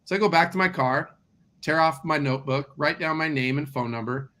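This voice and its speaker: Higher-voiced man telling a lively story. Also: brisk. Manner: lively anecdotal delivery, acts out dialogue. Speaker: guest real estate investor. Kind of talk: casual storytelling.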